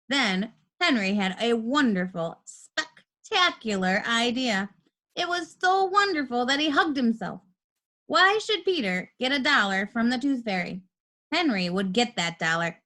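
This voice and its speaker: A woman reads a children's story aloud in an unhurried, deliberate rhythm, her pitch swinging widely from line to line. Her voice sits fairly high, and she acts out the characters in a lively, expressive way. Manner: lively, expressive reading with quick shifts for characters.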